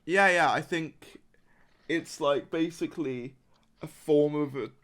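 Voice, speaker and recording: A man's voice: on the high side, takes it slowly, a bit bright. A man hosting a casual podcast chat, rambling with lots of fillers and laughs. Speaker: podcast host.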